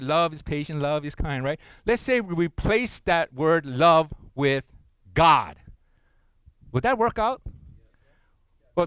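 A man's voice: fairly high pitch, fairly bright tone, smooth, no room sound. A middle-aged man preaching a sermon, leading the congregation in reading aloud and checking in with frequent tag questions in an earnest, encouraging way. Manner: interactive, leads congregation in unison reading. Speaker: pastor.

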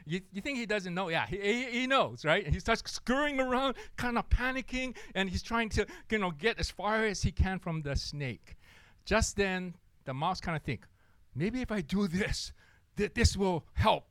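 A young man preaching a sermon, telling a story in an animated way and acting out the people in it. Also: sits high, moderate pace, clean tone, no echo. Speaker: pastor.

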